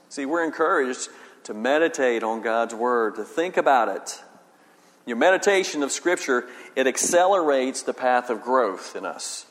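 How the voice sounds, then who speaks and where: A man preaching a sermon as a pastor, reading scripture slowly with emphasis and then explaining it in plain talk. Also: mid-range voice, lively intonation, a bit bright. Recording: long hall reverb.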